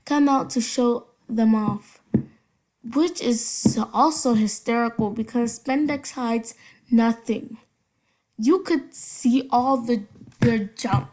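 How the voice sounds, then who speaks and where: A young woman reads funny stories aloud in an easy, unhurried way. Her voice sits a little high. She stumbles over words, corrects herself and breaks off with giggly asides. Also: darkish tone. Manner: halting read-aloud with slips and giggly asides. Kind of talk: casual reading aloud.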